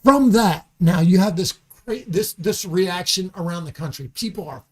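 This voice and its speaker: A man's voice: high-pitched, moderate pace. A man talking as a comedian guest in a podcast studio, heated and emphatic, swearing freely. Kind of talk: podcast conversation.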